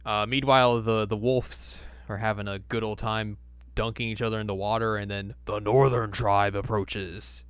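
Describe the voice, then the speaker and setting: A man's voice: lowish voice, fairly even intonation, moderate pace, smooth, dry recording. A man hosting a casual podcast, loosely joking through an episode recap. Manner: loose, joking, acts out characters in silly voices. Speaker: podcast host.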